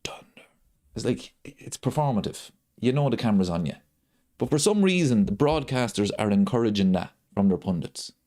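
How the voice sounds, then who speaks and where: A football watchalong host rants during a live stream, repeating his points for emphasis. He talks briskly and animatedly in a fairly low, dark voice.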